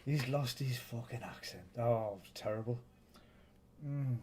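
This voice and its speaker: A man's voice: medium pitch, slow, a little hiss or hum. A man with a Northeast English accent, hosting a casual live stream and bantering with viewers in a rambling, teasing way. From Northeast England.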